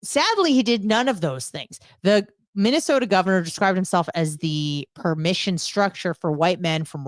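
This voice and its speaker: A woman with a low, smooth and resonant voice, ranting casually as a show co-host. She tells her story bluntly, with profanity and sarcasm, and the recording is close and dry. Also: dry recording. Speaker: podcast co-host.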